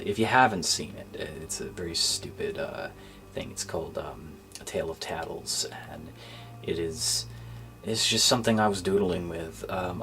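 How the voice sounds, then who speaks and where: Low-voiced man, subdued and halting. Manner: subdued and halting, many fillers, drops to near-whisper. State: low-spirited. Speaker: gaming YouTuber. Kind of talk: casual thank-you vlog. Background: faint background music.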